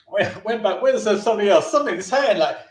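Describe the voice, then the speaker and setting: A man with a notably high voice tells a rambling anecdote as an interview guest. He restarts his sentences often and slips into quick impressions of other people. The recording sounds roomy and echoey. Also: expressive. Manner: chatty, with frequent restarts and brief put-on voices for the people in his stories. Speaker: filmmaker interviewee. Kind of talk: anecdotal storytelling in a casual interview.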